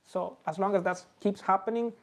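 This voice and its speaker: A woman with a Spanish accent, a native Spanish speaker, hosting a watch podcast and talking in a relaxed, rambling way, calling the listener bro. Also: medium pitch, fairly quick. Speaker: watch dealer and podcast host. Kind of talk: casual podcast chat.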